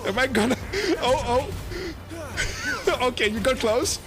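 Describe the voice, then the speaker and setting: A woman's voice: a little high, measured pace. A young woman from Greece, streaming a video game in a casual, playful and giggly way. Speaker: VTuber streamer. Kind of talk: casual gaming livestream chat.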